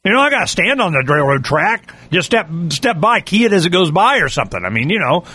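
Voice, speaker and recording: A man delivering a rambling political monologue, full of fillers and animated asides. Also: high-pitched, brisk, breathy edge. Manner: animated, repetitive fillers, mimics yelling.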